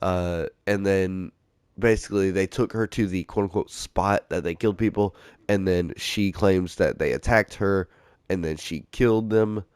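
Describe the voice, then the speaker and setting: Low-voiced young man, rambling and profane. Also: moderate pace, a little mellow, clean tone, no echo, clean studio sound. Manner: rambling and profane, heavy filler words. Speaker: podcast host. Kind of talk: casual storytelling.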